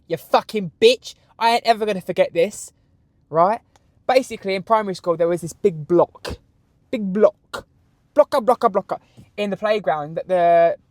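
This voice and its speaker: A young British man in his twenties hosting a solo podcast, telling crude, camp stories in an animated way. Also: high-pitched, dry recording. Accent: British English. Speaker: podcast host. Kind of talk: solo podcast answering questions.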